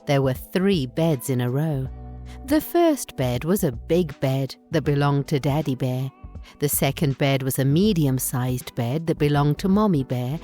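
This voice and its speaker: A woman narrating a bedtime story in a slow, gentle, expressive reading. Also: deep voice, soft background music.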